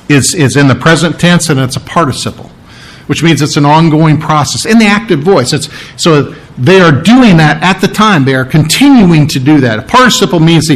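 Halting, folksy male preacher. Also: a little high, a bit bright, poor audio. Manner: halting, repeats words, clears his throat often; plain-spoken, folksy. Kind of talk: sermon teaching.

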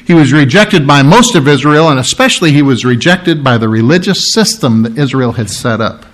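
A man preaching a sermon, emphatic and animated, acting out quoted lines and often clearing his throat. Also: mid-range voice, brisk. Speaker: pastor.

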